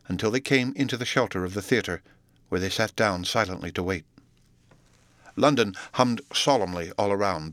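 Low-voiced man reading an audiobook. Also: fairly bright tone, dry recording. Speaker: audiobook narrator. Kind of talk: scripted narration.

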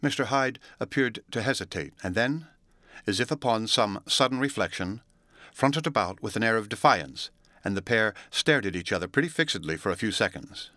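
Crisp, low-voiced male story narrator. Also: lively intonation, normal speed, sharp tone, no room sound, studio quality. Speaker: audiobook narrator. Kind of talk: classic novel read aloud.

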